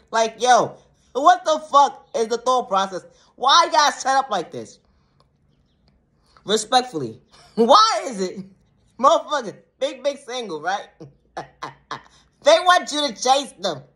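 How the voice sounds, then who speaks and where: A woman vlogger ranting to the camera in a casual monologue, laughing often between phrases and swearing heavily. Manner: calm lower-voiced affirmations in the closing sign-off.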